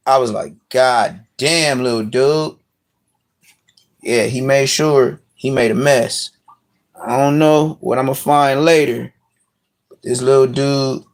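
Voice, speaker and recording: A man's voice: medium pitch, darkish tone. A man chatting casually on a phone live stream at home, rambling and full of slang and swearing. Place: at home with his dogs.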